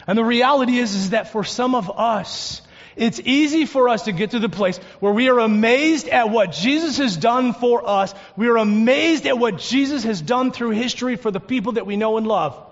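A male pastor preaching a Sunday sermon, earnest, dropping to a hush on key points. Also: very high voice, normal speed, in a large hall, dull audio. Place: church sanctuary.

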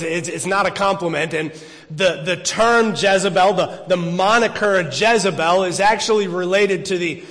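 Male preacher, high voice, chatty storyteller, church reverb. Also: a bit bright. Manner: conversational storytelling, frequent restarts. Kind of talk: casual sermon. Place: church sanctuary.

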